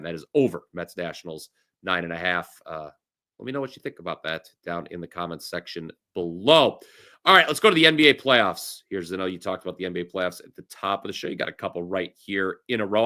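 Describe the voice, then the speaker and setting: Bright-voiced, upbeat sports betting host. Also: male voice, low-pitched. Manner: upbeat, jokey, laughs easily. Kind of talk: casual sports betting talk.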